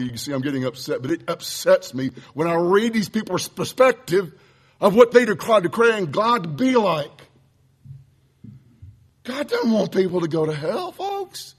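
Brief: preacher, high-pitched man, blunt and fired up, reading quotes then arguing back. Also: a bit bright. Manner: impassioned, blunt, addresses listeners as folks. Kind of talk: sermon lesson.

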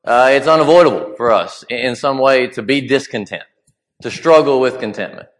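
A man delivering a sermon in a conversational, halting way with frequent restarts. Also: mid-range voice. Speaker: preacher. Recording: long hall reverb.

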